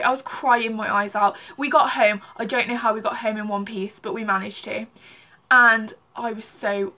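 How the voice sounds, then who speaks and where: Young woman, casual vlog storyteller, slightly high, bright voice, says "like" a lot. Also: steady tone, moderate pace. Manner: chatty, heavy use of "like". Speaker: vlogger.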